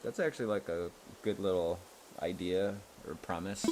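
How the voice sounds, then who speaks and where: A man's voice: low voice, moderate pace, heavy background noise. A man streaming a video game, chatting casually with rambling asides as he plays. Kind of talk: casual gameplay commentary.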